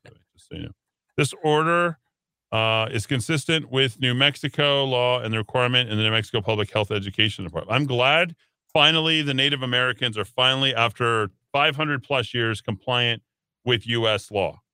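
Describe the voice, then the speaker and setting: Sarcastic male radio host, bright voice. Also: medium pitch, brisk, clear, resonant tone, no echo, studio quality. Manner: sarcastic, joking, reading listener texts aloud. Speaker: radio talk show host. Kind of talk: casual radio banter.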